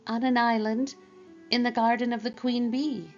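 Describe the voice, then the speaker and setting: A woman voicing a gentle, grave butterfly with a thin, clear voice. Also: a little high, flat delivery, moderate pace, dull audio, soft background music, voice pushed up, lightly acted.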